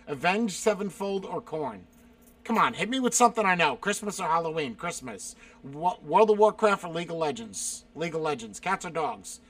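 A man's voice: on the high side, a bit bright, no echo. A man reading viewer questions aloud and firing back blunt, profane one-word answers in a casual stream chat. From South Carolina. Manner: reads questions aloud and answers bluntly, swearing, exasperated outbursts.

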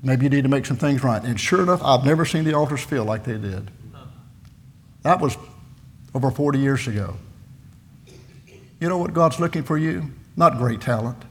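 A man in his sixties, a missionary preaching a folksy sermon in a church, telling personal stories and building to loud, fervent peaks. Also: medium pitch, lively intonation, moderate pace, long pauses. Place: church sanctuary.

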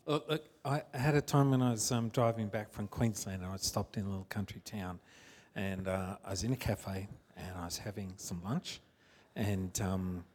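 Husky man telling a story. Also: fairly low pitch, darkish tone. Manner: rambling, halting storytelling with restarts. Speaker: congregation member. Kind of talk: personal testimony.

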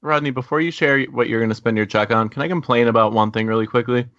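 A man griping in an animated way during a casual podcast chat. His voice sits in a middle pitch. The recording is dry and a little dull. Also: quick pace, no room sound. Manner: complaining, animated storytelling. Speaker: podcast co-host.

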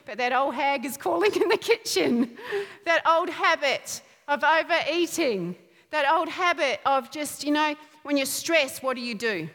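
A woman preaching a sermon in an animated, emphatic way, often laughing, with her voice ringing out in an echoey hall. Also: high-pitched, moderate pace.

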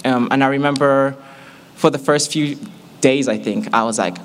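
A man's voice: mid-range voice, brisk, slight background noise. A young man from Malaysia with an American accent, telling his personal story in a candid, self-mocking way. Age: young adult. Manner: candid, self-mocking, animated when quoting himself. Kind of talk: personal testimony talk.

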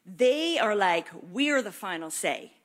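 A woman preaching a sermon, animated and conversational, acting out prayers and questions to God. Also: medium pitch, takes it slowly. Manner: animated, acts out prayers and voices in quotes.

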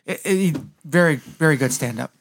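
A man's voice: fairly high pitch, moderate pace, slight background noise. A man in casual chat who talks eagerly and asks his co-hosts a lot of questions. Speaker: podcast co-host.

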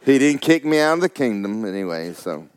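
Man, pastor, sermon, folksy asides, loud then soft. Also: sing-song, a little fast, clean tone. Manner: folksy preaching, rises loud for emphasis, drops low for stories.

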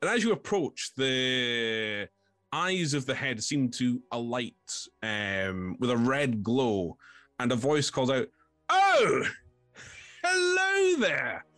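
A man narrates a tabletop game as game master, pausing often with ums and uhs. His pitch moves a lot as he describes scenes. The recording is dry, with faint music underneath. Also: animated, fairly bright tone, dry recording. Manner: hesitant, full of ums and uhs.

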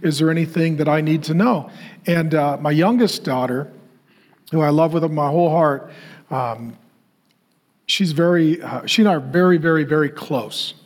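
Storytelling male pastor, a little high. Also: moderate pace. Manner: personal storytelling, rising to emphatic call-and-response questions. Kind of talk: sermon.

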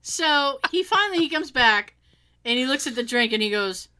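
A woman's voice: high voice, moderate pace, pushed and bright, clear, resonant tone. A woman casually telling a story and acting out the quotes, swearing freely.

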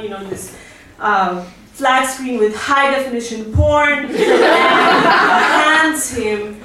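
A woman with a slightly high voice tells a candid, wry story on a live stage. The sound is very roomy and caught from some distance off the mic. An audience is heard clearly, laughing along. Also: a bit bright, slight background noise.

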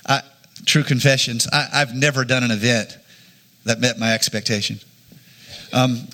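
A man's voice: mid-range voice, steady tone, moderate pace, long pauses, pushed and bright. A middle-aged male pastor preaching a sermon in an earnest way, often restarting his phrases.

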